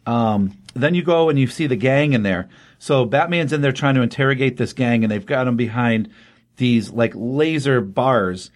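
A man with a mid-range voice speaks at a moderate pace, casually retelling a comic book story as a podcast host. He rambles with plenty of ums and restarts, now and then acting out the characters' lines.

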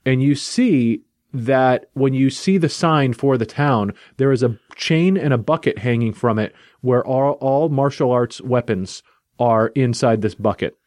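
Male host, mid-pitched, dry close sound, retells a plot with playful energy. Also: a little slow, dry recording. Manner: lively, jokey storytelling. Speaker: podcast host reviewing a comic. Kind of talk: casual chat recapping a story.

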